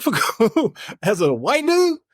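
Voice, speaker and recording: A man's voice: very high-pitched, huge pitch swings, measured pace, no echo, studio quality. A middle-aged man, a life coach and author, speaking emphatically and upbeat as a podcast guest. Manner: emphatic, upbeat, repeats key phrases. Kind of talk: podcast interview.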